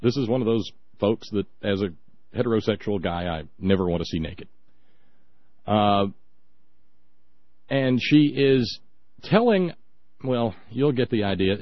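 A man's voice: fairly low pitch, expressive, measured pace, pauses often, dry recording. A man giving scornful, sarcastic, rambling radio commentary. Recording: dry, dull lo-fi audio.

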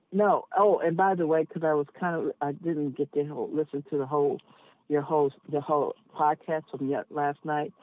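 A woman cab driver speaks candidly as a podcast guest, working through her thoughts aloud with many asides and pointed emphasis. Her voice comes over a narrow, phone-like line. The sound is dry and close, with no room echo. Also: deep voice.

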